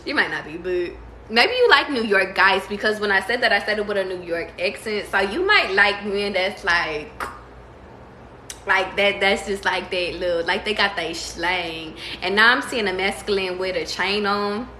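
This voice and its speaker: Bright, slangy woman tarot reader. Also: mid-range voice, moderate pace, echoey room, a little hiss or hum, rough recording. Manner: slangy and profane, bursts into excited squeals. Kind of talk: casual tarot reading.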